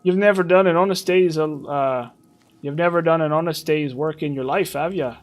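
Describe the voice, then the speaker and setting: A man voicing a gruff older male Irish thief boss, scolding in a put-on Irish accent. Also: fairly high pitch, normal speed, faint music behind, natural voice. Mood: mocking. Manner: scolding, repeating laddie.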